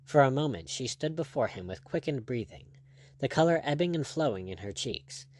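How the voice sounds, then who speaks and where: In a mid-range voice, a man narrates an adventure novel for an audiobook, reading from a script with measured pacing and expressive delivery.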